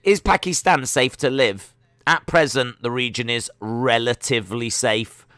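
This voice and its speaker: A man's voice: mid-range voice, unhurried, pushed and bright, clear, resonant tone, no echo, clean studio sound. A man hosting a casual live watch-along stream, chatting and reading search results and chat messages aloud.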